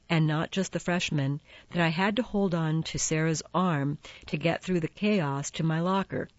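Woman reading a novel in first person, lowish voice, dry dull audio. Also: darkish tone, dry recording. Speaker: audiobook narrator.

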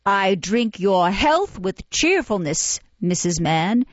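A woman reading a storybook voices a pompous, self-important parish beadle who speaks slowly and orates. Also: mid-range voice, very animated, no echo. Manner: pompous, slow, oratorical. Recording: dull, muffled, dry recording.

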